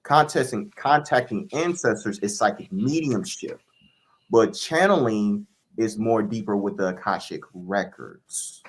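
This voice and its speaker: A man, a spiritual reader, answering interview questions in a calm, declarative teaching manner. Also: fairly low pitch, a little slow.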